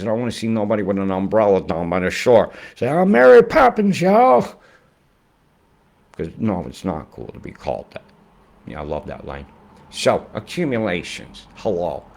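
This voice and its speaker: A low-voiced man gives a casual, rambling weather forecast, getting excitable, swearing a lot, and drifting into rhymes.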